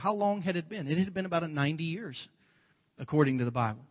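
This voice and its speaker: A male pastor giving a conversational, animated sermon, retelling a Bible story with playful asides. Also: fairly high pitch, fast talker, big-room sound, lo-fi sound.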